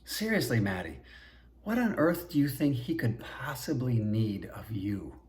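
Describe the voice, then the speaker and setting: A man's voice: medium pitch, sing-song, a little slow, a little mellow. A man voicing an arrogant male governor who owns a slave girl, speaking in a scornful, domineering way in an audiobook.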